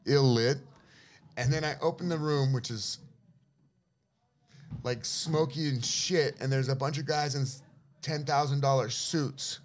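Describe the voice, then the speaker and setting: A middle-aged man, a podcast guest, telling profane, animated stories and laughing often. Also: medium pitch. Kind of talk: casual anecdote telling.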